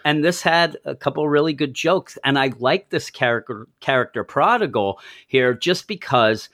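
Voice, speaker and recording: A married man casually reviewing a comic book with a co-host, lively, acting out bits of dialogue in bursts. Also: normal speed. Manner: animated, acts out quoted lines in jumps of pitch.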